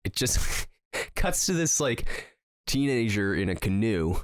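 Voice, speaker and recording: A man's voice: on the low side, sing-song, slow pace, no echo, studio quality. A man co-hosting a podcast, chatting casually and rambling through stories with lots of fillers and laughter. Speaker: podcast co-host. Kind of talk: casual chat.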